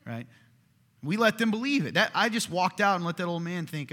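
A man's voice: sits high, lively intonation, quick pace, sharp tone. A man in his thirties preaching a sermon as pastor, in a conversational way, often checking in with "right?". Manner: conversational, keeps asking "right?". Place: church hall. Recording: echoey hall.

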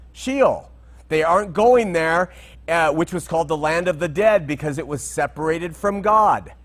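A man giving an unscripted Bible teaching talk, conversational and digressive, checking that listeners follow. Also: sits high.

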